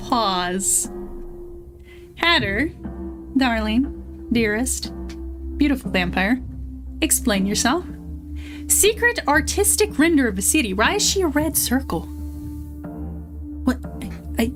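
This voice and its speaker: A woman's voice: high-pitched, sing-song, takes it slowly, pauses often, a bit bright. A young woman streaming, chatting casually, swearing freely and reading chat aloud. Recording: faint music behind.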